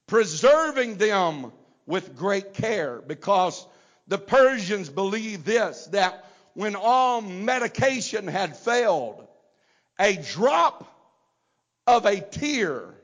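A middle-aged man preaching a sermon at a youth conference, unhurried and building to loud emphasis. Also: sits high, very animated.

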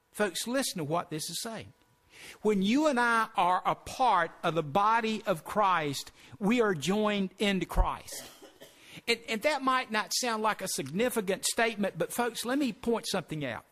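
Man preaching a sermon, high voice, earnest, emphatic, rhetorical questions. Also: animated, normal speed, fairly bright tone. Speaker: pastor.

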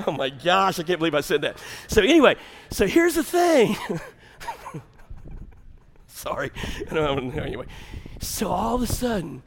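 A man preaching a sermon as pastor, swinging from loud shouts down to hushed near-whispers and laughing at his own jokes. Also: high voice, vocal fry. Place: church sanctuary. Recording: long hall reverb.

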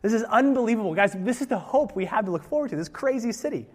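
A man's voice: high-pitched, animated, quick pace, in a large hall. A man preaching as pastor, reading scripture and breaking into playful, conversational asides. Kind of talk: sermon.

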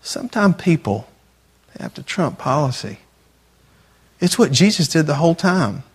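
Youth pastor, man, preaching in a slightly high voice with rhetorical questions, repeats lines for stress. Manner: repeats phrases, asks the audience rhetorical questions. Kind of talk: sermon.

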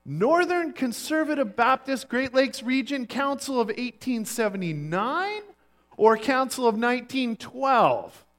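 A man voicing an eager, nosy man on a bridge whose excited questioning turns to a shrieking rage, in a high, shouting voice. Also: unhurried, full character voice.

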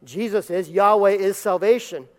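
A man's voice: high-pitched, normal speed, a little mellow, big-room sound. A man preaching a sermon in a church, reading scripture, praying and teaching with emphatic repeated phrases. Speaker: pastor. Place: church sanctuary.

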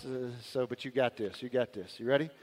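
A man preaching a sermon as pastor, calling out to the congregation and swinging from loud to hushed. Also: medium pitch, fairly quick, big-room sound.

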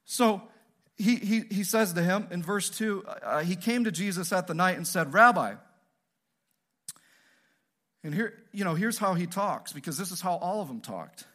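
A male pastor preaching a sermon in an animated, joking, conversational way, often asking the audience questions. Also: sits high, moderate pace.

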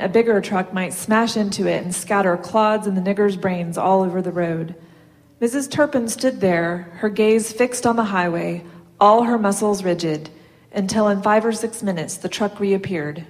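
A woman reading a story aloud in a steady, measured way. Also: medium pitch. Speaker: reader.

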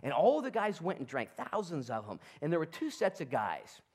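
A male pastor preaching a sermon in a church, conversational and animated, swinging between loud and hushed. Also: fairly high pitch, normal speed, slightly rough. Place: church sanctuary.

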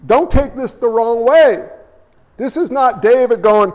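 A man preaching a sermon in a church, talking in an animated, emphatic and blunt way. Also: very high-pitched, a little slow, big-room sound. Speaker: pastor.

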